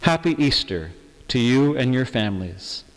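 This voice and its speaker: A man preaching an Easter sermon as a priest, speaking in a measured, earnest way in a large empty church. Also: medium pitch, sing-song. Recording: long reverb of a large church.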